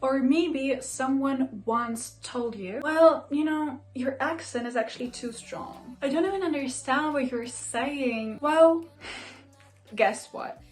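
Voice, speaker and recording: High-voiced teen girl vlogger. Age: teens. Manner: chatty, loose, with fillers like "basically". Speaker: language vlogger. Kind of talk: casual talk to camera.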